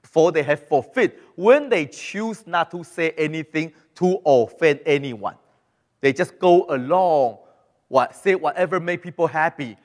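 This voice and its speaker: High-voiced man preaching in a reverberant hall. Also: a little slow. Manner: animated, acts out quoted voices, non-native grammar. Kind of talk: sermon.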